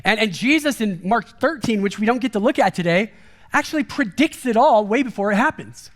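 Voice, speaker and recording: A man preaching a sermon in a casual, conversational way, animated and acting out quoted lines. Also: high-pitched, fairly quick. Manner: casual and chatty, peppered with "like" and "kind of"; animated, acts out quoted speech with a raised voice. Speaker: guest preacher. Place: church service.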